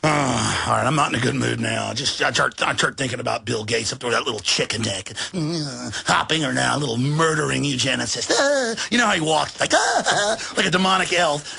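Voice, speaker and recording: Older male host, fiery shouted monologue; bright, raspy, husky tone, preachy and relentless. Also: medium pitch, expressive. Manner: shouting, furious and preachy, rapid lists. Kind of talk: ranting monologue.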